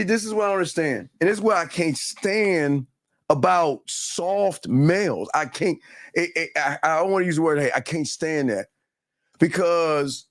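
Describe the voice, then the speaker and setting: A man's voice: a little high, no room sound, studio quality. A man hosting a show, giving heated, blunt and profane commentary in a ranting, repetitive way. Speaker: host.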